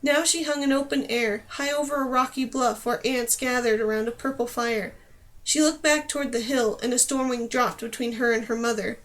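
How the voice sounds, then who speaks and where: A woman narrating a fantasy audiobook with expressive storytelling. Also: fairly high pitch, moderate pace.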